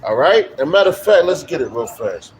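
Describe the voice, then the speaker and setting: A man preaching on the street, emphatic and repetitive, with loud bursts. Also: a little high, very animated, brisk, a little hiss or hum, low-quality recording. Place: outdoors on a street.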